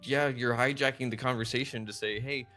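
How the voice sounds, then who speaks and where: A man's voice: medium pitch, fairly even intonation, fairly quick, pushed and bright, soft background music. A man hosting a podcast interview, sharing personal reflections in casual chat with lots of filler words. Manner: reflective, many fillers like 'like'. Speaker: podcast host.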